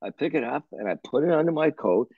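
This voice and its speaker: An older man from Canada, an interview guest telling anecdotes in an animated, rambling way. He restarts his sentences and swears. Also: medium pitch, quick pace, gravelly, breathy edge, no room sound, narrow, tinny audio. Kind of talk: anecdotal storytelling.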